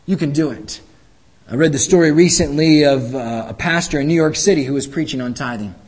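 A man's voice: a little high, fairly quick, a little mellow, husky. A man preaching a sermon, driving points home with repeated rhetorical questions and reading scripture aloud. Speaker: pastor.

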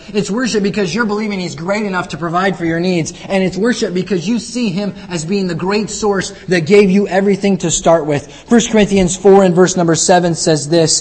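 High-voiced male preacher. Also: darkish tone, breathy edge. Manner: preaching with repeated rhetorical questions, reads scripture in King James English. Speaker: pastor. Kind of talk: sermon.

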